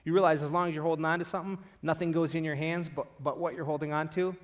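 Guy preaching a sermon, tells a story and does all the voices, kinda high voice. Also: fast talker. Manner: animated storytelling, acts out quoted voices. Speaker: pastor.

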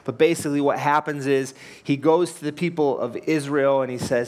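A man's voice: medium pitch, fairly even intonation, fairly quick, few pauses, a little mellow. A man preaching a sermon, earnest and emphatic, asking rhetorical questions and telling anecdotes. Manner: tells anecdotes with light laughs. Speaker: pastor.

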